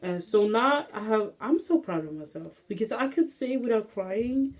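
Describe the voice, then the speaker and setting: A woman's voice: medium pitch, expressive, normal speed. A young woman hosting her own casual solo podcast, rambling and restless with many fillers, recorded on a phone. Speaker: podcast host. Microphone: phone camera.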